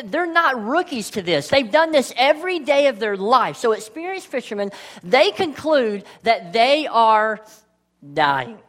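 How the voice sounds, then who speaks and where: A woman's voice: high-pitched, fairly bright tone. A woman preaching a sermon to a congregation in a church, talking in a conversational way with playful asides. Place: church sanctuary.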